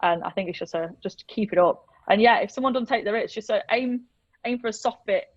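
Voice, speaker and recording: A woman's voice: mid-range voice, fast talker, dry recording, dull audio. A woman from the United Kingdom, chatting casually and self-deprecatingly as a guest on a video call. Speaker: guest, airsoft player and vlogger. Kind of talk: casual interview chat.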